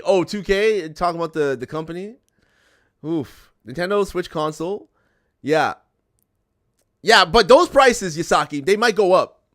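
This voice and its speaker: A man's voice: sits high, a bit bright. A young man streaming and chatting to viewers, ranting in an exasperated way, repeating himself and swearing. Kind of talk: ranting casual chat to viewers.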